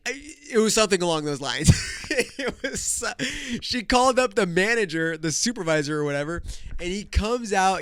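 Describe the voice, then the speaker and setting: Animated young man telling a story. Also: a little high, clear, resonant tone, no room sound, studio quality. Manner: animated, swearing, laughing through stories. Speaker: podcast host. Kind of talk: casual storytelling.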